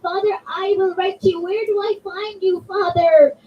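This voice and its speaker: Brief: tearful pleading young girl, high and lifted voice, put on by a woman storyteller, dull distant mic. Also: expressive, moderate pace, slight background noise. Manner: tearful, begging, repeating her pleas. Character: young sick girl pleading with her father.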